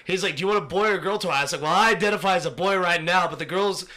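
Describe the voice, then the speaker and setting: A man's voice: high-pitched, racing, pushed and bright. A man co-hosting a casual podcast, telling stories with lots of swearing and laughter. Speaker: podcast co-host. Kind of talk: casual chat.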